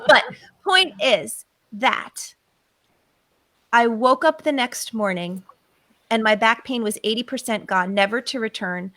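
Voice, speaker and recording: Middle-aged woman, bright emphatic storyteller, dry close sound. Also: a little high, animated, unhurried, no room sound. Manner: emphatic, acts out her own inner voices. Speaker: psychotherapist guest. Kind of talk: personal storytelling on a podcast.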